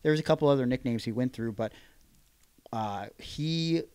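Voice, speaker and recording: A man's voice: medium pitch, normal speed, a little mellow, smooth, no room sound. A man hosting a podcast in casual chat, teasing his co-host with mock outrage.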